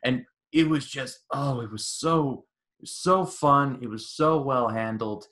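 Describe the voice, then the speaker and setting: A man's voice: mid-range voice, takes it slowly. A man co-hosting a podcast, eagerly reviewing a film in casual chat and acting out its lines. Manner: excited, acts out quotes with many restarts. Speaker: podcast co-host.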